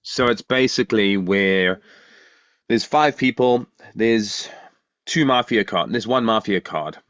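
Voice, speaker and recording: Low-voiced man chatting casually. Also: slow, a bit bright, dry recording, highs cut off. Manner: rambling, restarts often, asks questions. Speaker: podcast co-host. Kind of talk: casual chat.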